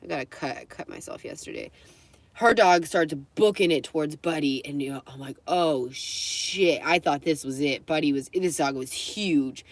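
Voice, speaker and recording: A young woman chats to her live stream in a rambling, laughing storytelling voice, now and then acting out the people in her stories. Her voice sits a little low for a woman. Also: moderate pace, no echo. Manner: chatty, laughs often, acts out quoted voices.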